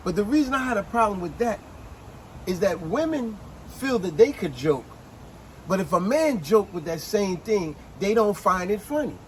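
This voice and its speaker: A man hosting a casual book review chat, retelling scenes as an animated storyteller with street slang. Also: high voice, moderate pace, slight background noise, poor audio. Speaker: host.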